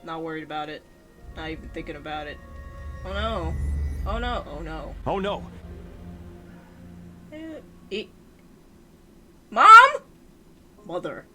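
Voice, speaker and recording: A woman streaming a game, reacting emotionally with loud outbursts, laughter and swearing, talking to the game. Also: deep voice, lively intonation, a little slow, long pauses, music in the background. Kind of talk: live gameplay reactions.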